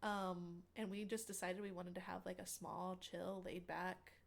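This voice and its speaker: A woman's voice: on the low side, level tone, unhurried, creaky. A young woman, an interview guest, tells a personal story in a chatty way, full of "like" and acted-out quotes. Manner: chatty, many "like" fillers, acts out quotes. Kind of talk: casual storytelling.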